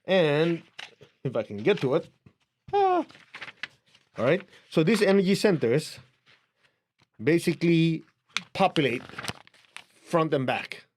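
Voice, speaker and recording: A man's voice: on the high side, very animated, slow pace, pauses often, a little mellow, slight background noise. Chinese-accented man teaching spirituality. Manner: conversational, chuckling, shows a book to camera. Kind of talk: casual teaching talk to camera.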